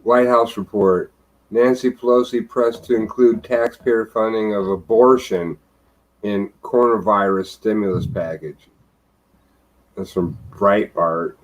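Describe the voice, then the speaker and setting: A man on a livestream panel talking casually, halting with many ums and uhs. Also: on the low side, fairly even intonation, rough recording. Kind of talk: casual chat.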